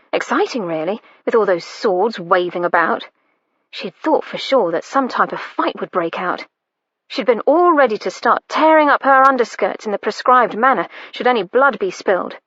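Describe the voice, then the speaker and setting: Woman audiobook narrator, slow measured reading, bright tone, dry lo-fi close mic. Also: medium pitch, breathy edge, no echo. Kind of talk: scripted narration.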